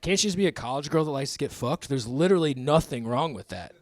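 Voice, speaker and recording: A man's voice: medium pitch, expressive, quick pace, no room sound. A man in his thirties doing a stand-up comedy set on a club stage, rambling and self-mocking, laughing at his own jokes. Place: comedy club stage before a live audience.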